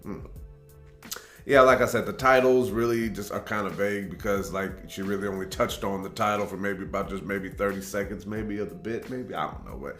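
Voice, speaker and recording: A man's voice: fairly low pitch, a little fast, fairly bright tone, echoey room, faint music behind. A man hosting a reaction video, casual and laid-back, drawling and saying "man" often.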